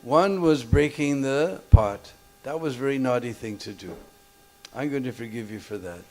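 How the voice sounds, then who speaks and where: A man's voice: mid-range voice, lively intonation, normal speed, lightly acted. A man voicing a scolding but loving mother while telling a story in a sermon. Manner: stern, chiding, then gentle.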